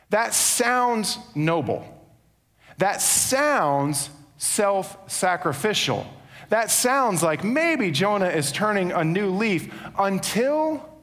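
A man preaching a sermon, telling the story in an animated way and acting out the quotes. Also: a little high. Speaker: pastor. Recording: long hall reverb.

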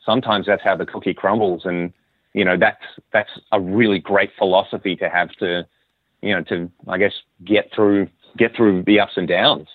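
An Australian man with a lowish voice joins a call as a guest musician in a casual interview, rambling through his story with lots of restarts. His tone is steady and his speed normal. The line sounds tinny and phone-like, dry and close, with no echo.

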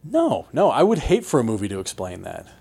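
Podcast co-host, male, mid-pitched voice, emphatic opinions, lively banter. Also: brisk, creaky, breathy edge. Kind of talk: casual chat.

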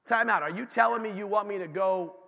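A man's voice: high-pitched, a little fast, creaky, sharp tone, muffled recording, full character voice. A man preaching who acts out a reluctant ancient male disciple, who pleads and stammers. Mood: pleading. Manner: hesitant, stammering. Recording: long reverb of a church hall.

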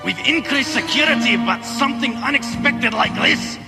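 Shrill gravelly Scottish henchman. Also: animated, normal speed, exaggerated voice. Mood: alarmed. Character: excitable male henchman reporting to villain. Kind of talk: 1990s anime dub acting. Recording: reverberant dub clip with music.

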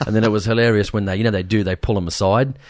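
A man co-hosting a podcast, chatting casually and retelling stories with lively mimicry. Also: racing, dry recording, studio quality. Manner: animated storyteller, mimics people in high voices. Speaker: podcast co-host.

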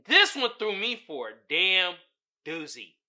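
A man hosting a podcast, giving casual solo commentary in an animated, profane way, often laughing and putting on voices. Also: a little high, measured pace. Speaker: podcast host.

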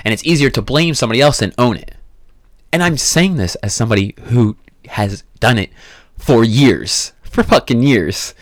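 A man's voice: mid-range voice, expressive, moderate pace, no echo, studio quality. Blunt, swearing man giving a pep talk. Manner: blunt, swears a lot, emphatic. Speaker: podcast host. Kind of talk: motivational monologue.

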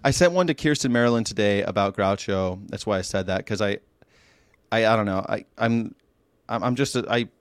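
A man's voice: fairly low pitch, brisk, smooth, no room sound. A man from California hosting a podcast, chatting casually in a meandering way that often breaks off and restarts. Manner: meandering, self-interrupting talk. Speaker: podcast host.

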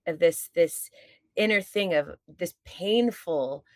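A woman's voice: fairly low pitch, slow, dry recording. A woman podcast guest and stage performer talking in casual chat, earnest, reflective and openly candid, now and then swearing.

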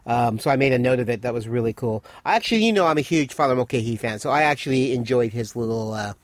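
A man's voice: medium pitch, expressive, fast talker, no echo. An enthusiastic man chatting about a TV episode, leaning on "I mean" and "you know" as he talks. The recording is dry and close, with no room sound. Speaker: podcast co-host. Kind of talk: casual chat reviewing a TV episode.

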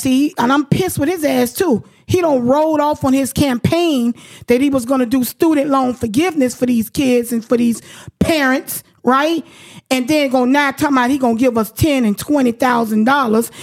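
High-voiced outspoken woman host. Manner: outspoken, profane, heated. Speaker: radio show host. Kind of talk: casual chat.

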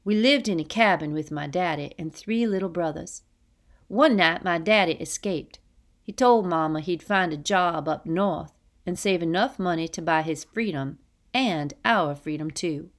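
Woman voicing a soft-spoken, wistful young man. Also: fairly low pitch, a little slow. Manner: soft, wistful storytelling with rural dialect. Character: gentle young man, escaped slave, wistful and patient.

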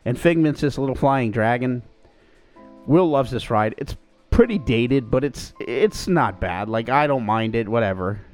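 A man telling a story in casual chat on a podcast, acting out quotes in a higher voice. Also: measured pace, faint music behind. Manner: animated, acts out quotes in a higher voice. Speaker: podcast co-host.

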